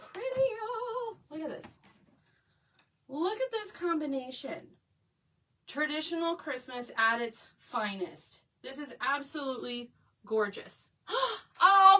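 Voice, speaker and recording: A chatty woman leads a live crafting tutorial, gushing over her materials and chatting with her viewers. Her voice sits on the higher side. She is heard from a little away from the microphone. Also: a bit bright, recorded from a distance. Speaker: craft instructor. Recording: voice a bit away from the mic.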